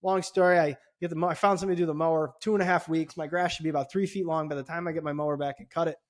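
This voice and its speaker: A man's voice: on the high side, very fast. A middle-aged man co-hosting a podcast, telling a story casually with lots of swearing, his voice climbing sharply when he gets indignant. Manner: animated, swears often, voice rises when indignant. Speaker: podcast co-host.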